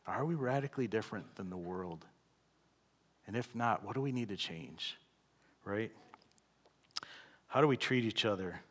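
A man preaching a conversational sermon in a church, often checking in with "right?" and moving between loud emphasis and quiet, low asides. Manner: conversational, keeps asking "right?". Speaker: pastor.

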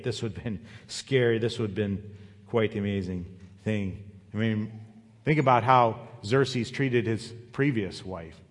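A pastor preaching a sermon, retelling a story with lively voices for its characters. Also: male voice, lowish voice. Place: church sanctuary. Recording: long hall reverb.

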